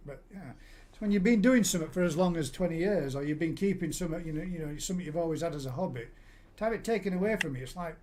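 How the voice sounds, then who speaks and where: A man's voice: on the high side, expressive, rapid-fire, darkish tone, a little hiss or hum. A middle-aged man hosting a live hobby chat, talking casually in long rambling stretches with many restarts. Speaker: host. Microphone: live stream call.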